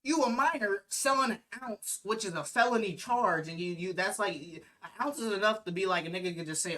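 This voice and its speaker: A man's voice: high voice, a little fast, hardly any pauses. Young man telling a slangy story, far from the mic. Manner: animated slangy storytelling full of swearing. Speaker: vlogger. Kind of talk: casual storytime. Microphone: poorly placed mic. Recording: distant mic with faint background music.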